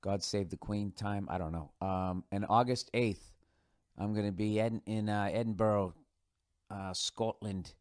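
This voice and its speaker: A man's voice: lowish voice, steady tone, measured pace, dry recording, studio quality. A man in his forties with a Boston accent hosts a podcast, rambling casually in a sarcastic, profane, offhand way. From United States. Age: 40s. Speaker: podcast host.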